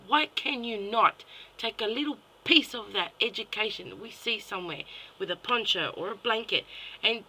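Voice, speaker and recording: A woman's voice: medium pitch, bright, forceful tone, a little hiss or hum, rough recording. A young Australian woman and mum ranting bluntly and profanely into her webcam at home late at night. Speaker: vlogger. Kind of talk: ranting vlog monologue.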